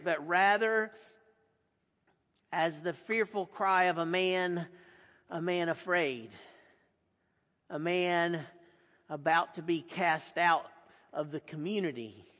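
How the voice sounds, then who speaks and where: A pastor delivering a sermon in a deliberate, emphatic way with repeated phrases. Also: male voice, a little high, fairly bright tone. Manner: slow, deliberate and emphatic, with repetition. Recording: long hall reverb.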